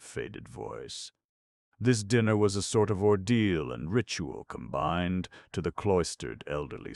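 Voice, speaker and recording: A male narrator reads a classic novel aloud in a measured, unhurried manner. His voice is extremely deep, with a gravelly fry. The sound is close and dry, with no room around it. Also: no echo. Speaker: audiobook narrator. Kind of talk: scripted audiobook narration.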